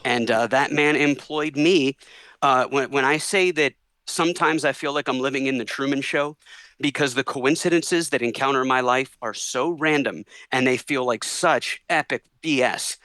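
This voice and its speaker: A young man who is a podcast guest telling lively stories in a casual interview, animated with quick bursts of speech. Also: mid-range voice, no echo.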